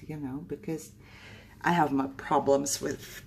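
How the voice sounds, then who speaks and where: A woman's voice: low-pitched, sing-song, slow, pauses often, slight background noise. A middle-aged woman hosting a casual craft tutorial at home, chatting, laughing often and second-guessing herself. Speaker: crafting channel host.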